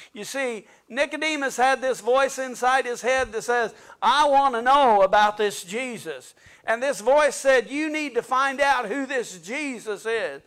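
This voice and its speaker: A man's voice: extremely high pitch, a bit bright, clear, resonant tone. A male pastor preaching a fervent sermon and reading scripture aloud to his congregation.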